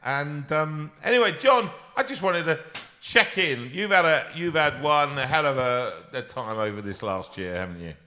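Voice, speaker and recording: Lively, bright-voiced male host. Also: on the high side. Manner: jokey, self-mocking, talks in quick bursts. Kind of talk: casual live-stream chat and singing. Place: music room with a piano.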